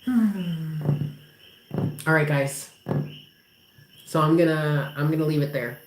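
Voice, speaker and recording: A woman with a low voice gives live tarot readings, warm toward her viewers and not shy about swearing. She sounds like she's in a roomy space with a faint hiss of noise underneath. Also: slow. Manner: affectionate, emphatic, swears casually. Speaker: tarot reader.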